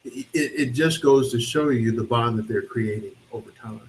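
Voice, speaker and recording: Relaxed male film reviewer, faint hiss. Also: medium pitch, normal speed, poor audio. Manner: relaxed, with fillers while searching for words. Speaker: film review show co-host. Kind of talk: casual film review chat. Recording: faint background noise.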